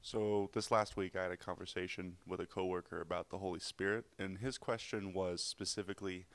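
A man with a very deep, flat voice asks a question in a church Bible class. He speaks in an earnest, measured way. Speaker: class member asking a question.

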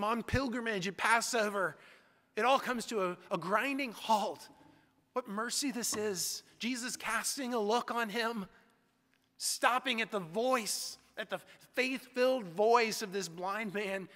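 A man's voice: high voice, pushed and bright. A man preaching a sermon as pastor, emphatic, with repeated phrases that build. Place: church sanctuary. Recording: echoey church sanctuary.

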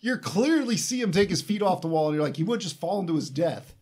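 A man talks through a film's plot on a casual podcast, slipping into the characters' lines as he goes. His voice is slightly husky and sits a bit high for a man. His pitch swings widely from line to line. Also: quick pace. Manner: animated storyteller, recaps scenes with quoted lines. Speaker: podcast co-host. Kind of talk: casual movie recap chat.

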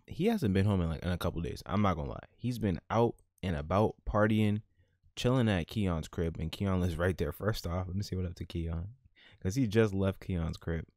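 A man hosting a casual let's-play of a life-sim game, talking in animated slang and laughing at his own jokes. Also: sits low, normal speed, no echo, studio quality. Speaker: gaming channel host.

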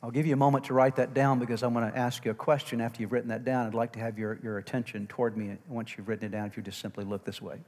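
A male pastor preaching a sermon. He engages the congregation with call-and-response checks and swings from loud, emphatic preaching to quiet asides. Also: medium pitch, level tone, rapid-fire, few pauses. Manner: call-and-response, frequent "amen?" and "okay?" checks. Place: church sanctuary. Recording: long reverb of a large church hall.

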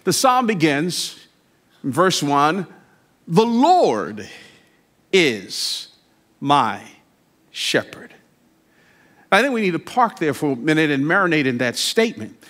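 A man preaching a sermon in a church, slowing down to stress key words, adding wry asides, and building to emphatic declarations. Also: lively intonation. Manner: builds from quiet, slow reflection to high, emphatic declarations. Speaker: guest preacher. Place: church sanctuary.

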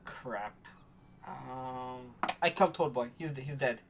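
A woman streaming a game, chatting casually with her viewers and reacting loudly to the game. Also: very deep voice, slow, heavy background noise. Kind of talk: casual gameplay commentary.

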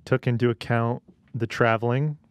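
A man's voice: medium pitch, steady tone, moderate pace, a little hiss or hum. A man co-hosting a comedy podcast, speaking sheepishly and hesitantly and often laughing. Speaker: podcast co-host.

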